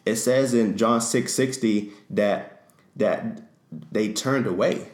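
A man's voice: lowish voice, takes it slowly, a little mellow. Earnest man teaching in a roomy echo. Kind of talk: faith discussion. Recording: echoey room.

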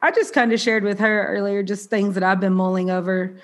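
A woman's voice: mid-range voice, fairly even intonation, brisk. Southern lady podcast host, bit stuffed up and nasal, bubbly and chatty, pokes fun at herself. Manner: chatty, bubbly, self-deprecating. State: congested, slightly nasal. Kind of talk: casual podcast chat.

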